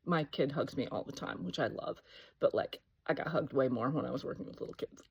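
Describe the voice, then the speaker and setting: A woman's voice: extremely low pitch, a little fast, vocal fry, darkish tone, breathy edge, no echo. A woman in her thirties in a scattered, self-interrupting casual vlog, talking into her phone. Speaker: vlogger. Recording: dull lo-fi phone audio with road noise.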